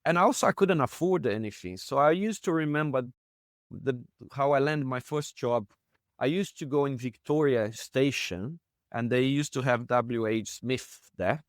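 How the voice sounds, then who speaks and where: A man's voice: medium pitch, normal speed, dry recording. A man with a Brazilian Portuguese accent tells his story in easy, loose English as a podcast guest, with grammar that often slips and a swear word here and there. His voice sits in an ordinary middle range and is recorded close and dry, with almost no room sound. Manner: relaxed storytelling, broken grammar, swears now and then. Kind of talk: casual conversation.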